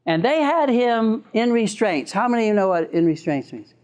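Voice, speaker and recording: Animated man telling a therapy story. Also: sits high, moderate pace. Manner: animated, chuckling storyteller with sound effects. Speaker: therapist and lecturer. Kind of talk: storytelling lecture to an audience.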